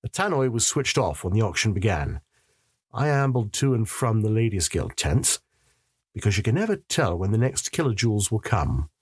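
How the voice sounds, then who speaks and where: Male first-person narrator, low and husky, wry and sardonic, lively delivery. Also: normal speed, dry recording, studio quality.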